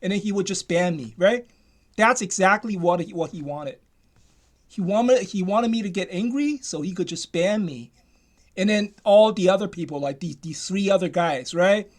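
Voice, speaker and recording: A man's voice: high voice, moderate pace. A man ranting in a commentary, emphatic and repetitive, often restarting his sentences.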